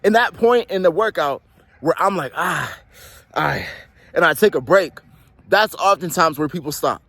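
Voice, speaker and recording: A man's voice: high-pitched, a bit bright. A young man giving a casual motivational monologue, blunt and profane, firing rhetorical questions and slang fillers. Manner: blunt, swears freely, repeats rhetorical questions; slangy, frequent "you know what I'm saying". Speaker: motivational talk host.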